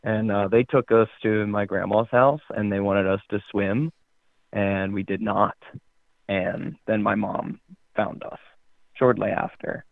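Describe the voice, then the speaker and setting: A man calling in to a show, chatting casually in a relaxed, jokey way. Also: on the low side, measured pace, creaky, no echo. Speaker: caller. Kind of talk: casual chat. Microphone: phone. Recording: tinny phone line.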